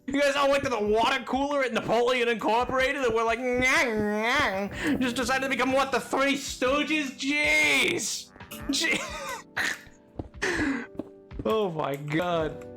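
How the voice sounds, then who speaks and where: A young man streaming, bantering with his chat in an excitable way, stammering over repeated words and breaking into laughter often. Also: very high-pitched, unhurried, faint music behind.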